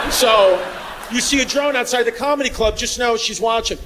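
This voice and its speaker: A man doing a stand-up set in a comedy club, riffing loudly with the crowd and working the room. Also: very high voice, moderate pace. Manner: loud, riffing, crowd work. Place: comedy club with live audience. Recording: live club recording with crowd noise.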